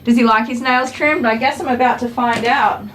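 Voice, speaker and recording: A woman's voice: a little high, steady tone, normal speed, a bit bright, reverberant, far from the mic, a little hiss or hum, rough recording. Chatty woman groomer with a cold. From Australia. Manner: chatty, explains as she works, coos to the dog. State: has a cold, short of breath. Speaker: dog groomer. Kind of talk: live-stream grooming commentary. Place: grooming salon.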